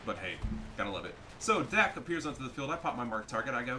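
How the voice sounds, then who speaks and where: A man giving casual, profane commentary over a strategy game, getting loud and excited at big plays. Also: medium pitch, racing, crowd noise. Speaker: gaming commentator.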